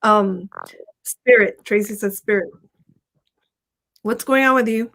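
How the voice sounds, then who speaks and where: A woman co-hosting a motivational talk show, chatty and animated, laughing often as she talks. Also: medium pitch, takes it slowly. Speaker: co-host. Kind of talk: motivational chat.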